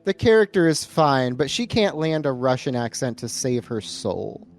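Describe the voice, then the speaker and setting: A man's voice: medium pitch, very animated, normal speed, faint music behind. A man co-hosting a casual movie podcast, making dry, blunt remarks. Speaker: podcast co-host. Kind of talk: casual movie review chat.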